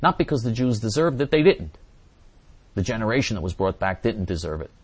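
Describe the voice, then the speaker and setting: Guy preaching hard, lowish voice, keeps repeating himself for emphasis. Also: sing-song, brisk, husky, no echo. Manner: intense, repeats phrases, quotes voices dramatically. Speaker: religious teacher answering viewers. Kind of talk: impassioned religious teaching.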